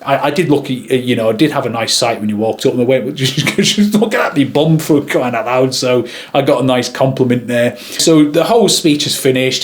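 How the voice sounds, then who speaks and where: A man, a wedding videographer, casually telling work anecdotes and acting out other people's lines in lively voices. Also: medium pitch. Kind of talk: casual storytelling to camera.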